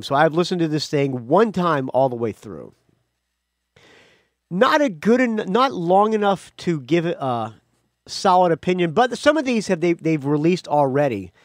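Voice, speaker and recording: A man's voice: on the high side, no room sound, studio quality. A man hosting his own music podcast, talking casually and rambling, with frequent restarts and asides. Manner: rambling, chatty, self-correcting. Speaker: podcast host. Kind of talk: casual solo podcast talk.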